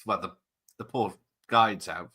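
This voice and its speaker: Jokey host, slightly low voice with a bright edge, rambles happily through live commentary. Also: male voice, a little slow, husky. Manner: chatty, joking, rambling tangents. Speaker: watch party host. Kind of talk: casual live-stream commentary.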